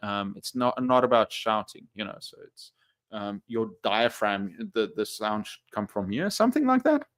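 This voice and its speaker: A man's voice: fairly low pitch, big pitch swings, normal speed, fairly bright tone, no room sound, studio quality. Chatty man reading viewer comments. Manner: rambling, many fillers and restarts, reads viewer comments aloud. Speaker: English teacher streaming live. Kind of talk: casual live-stream chat.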